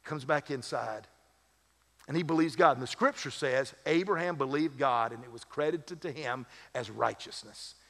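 A man's voice: mid-range voice, normal speed, fairly bright tone. A man serving as lead pastor, preaching a sermon in a conversational way with humorous asides. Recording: long hall reverb.

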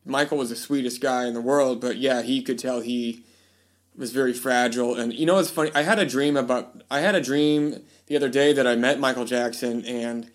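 A male podcast host at an average pitch, talking in a loose, rambling way. He restarts sentences often and slips into voices when he quotes people. It is an easygoing, casual conversation. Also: fairly even intonation, fairly quick. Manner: rambling storyteller, many fillers and restarts. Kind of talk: casual chat.

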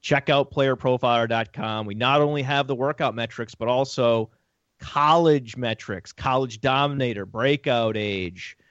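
A man appearing as a podcast guest, talking in an excitable, upbeat, salesy way. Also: medium pitch, a little slow, no echo, lo-fi sound. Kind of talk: casual podcast chat.

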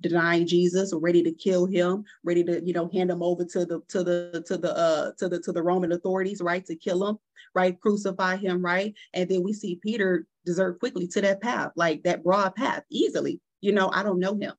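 A woman's voice: fairly low pitch, fairly even intonation, brisk. A young adult woman giving a conversational sermon, earnest and personal, often checking in with the listeners by asking "right?". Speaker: guest preacher.

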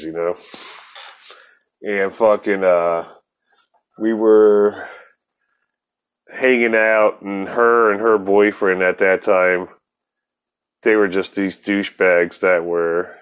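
A man with a fairly low voice tells a loose, wandering story, swearing freely and chuckling along the way. The talk is relaxed and unpolished. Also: slow pace, long pauses, smooth, dull audio. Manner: rambling, profane, laughs often. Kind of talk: casual storytelling.

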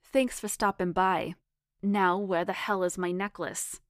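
A woman's voice: mid-range voice, little pitch movement, measured pace, clear, resonant tone, no room sound, studio quality, lightly acted. A woman doing a threatening gangster man. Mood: sneering. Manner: threatening, sneering. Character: menacing adult male gangster.

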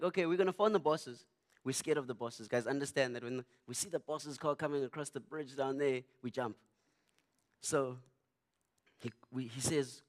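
A young man, preaching through a funny personal story. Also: on the high side. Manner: animated, humorous, self-mocking.

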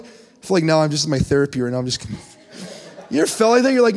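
A young man preaching a conversational sermon, his voice climbing in pitch when he presses a point. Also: expressive, a little fast. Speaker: pastor. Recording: long hall reverb.

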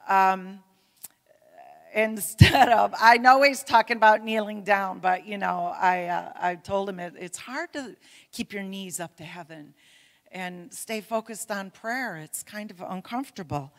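A woman's voice: medium pitch, a little slow, fairly bright tone. Woman, folksy and chatty, long reverb of a big church hall. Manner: chatty, self-deprecating, folksy with many fillers. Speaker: pastor's wife speaking at church. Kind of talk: casual church talk. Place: church sanctuary.

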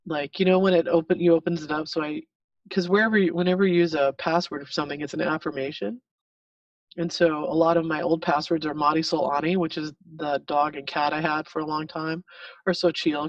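A man talks in a loose, rambling way full of fillers, with a voice pitched a little high. He sits well back from the mic, and the sound is dull and dry. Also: no echo, distant mic. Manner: rambling, candid, frequent fillers. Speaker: group participant sharing about pet loss. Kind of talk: casual support-group sharing.

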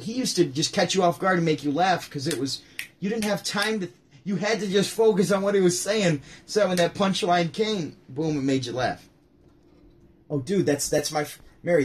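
A man's voice: a little high, normal speed, a little hiss or hum. A man hosting his own show, chatting casually and ramblingly about his favorite comedians, with frequent restarts and asides. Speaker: show host. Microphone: home setup near a window.

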